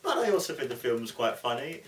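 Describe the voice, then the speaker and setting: A man's voice: mid-range voice, big pitch swings, a little fast. A cheeky young man trades crude jokes while chatting about films, his voice in an ordinary middle range. The sound bounces around a room and he sits back from the mic. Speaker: co-host. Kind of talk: casual film chat. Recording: echoey room, distant mic.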